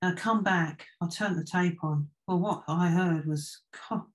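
A woman with a somewhat low voice recounts stories as a guest. She talks in a relaxed, anecdotal manner and often stops to restart a thought. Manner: anecdotal, unhurried, with filler restarts. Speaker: trance medium, guest. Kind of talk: casual storytelling in conversation.

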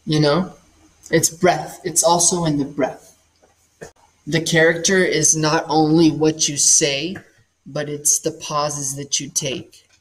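A young man, an actor and singer, giving a casual acting workshop in an animated, demonstrative way with lots of "like" fillers. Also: a little high, slow, husky.

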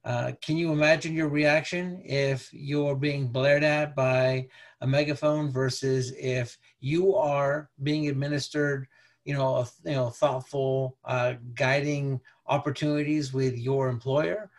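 A man presenting a parenting lecture over slides, talking in a conversational, halting way with many restarts. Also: medium pitch, little pitch movement. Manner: conversational, halting, peppered with "you know".

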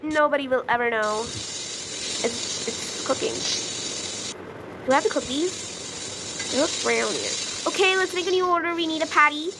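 A young woman chatting through a video game as she plays it, easily flustered, with gasps and excited outbursts. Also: high-pitched, quick pace, background noise. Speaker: gaming YouTuber. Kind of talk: casual gameplay commentary.

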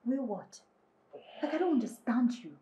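A woman's voice: fairly high pitch, expressive, moderate pace, dull audio, noisy background, natural voice. An actress with a Nigerian accent playing a demanding mistress who coaxes and threatens her lover. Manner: coaxing, then sharp and demanding. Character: scheming young mistress, demanding and bold. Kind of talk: film drama acting.

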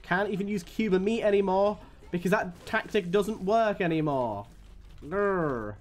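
A man giving live gameplay commentary as a streamer, swearing often and swinging between weary groans and excited yelps. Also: high voice, unhurried, faint music behind.

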